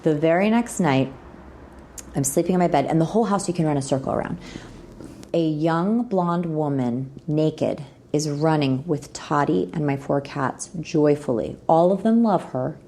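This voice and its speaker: A middle-aged woman, a podcast guest, telling frank and playfully crude stories in an animated way and jumping into the voices of the people she quotes. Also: normal speed, slight background noise. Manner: lively, acts out quoted people with big pitch jumps. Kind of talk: animated storytelling in a podcast interview.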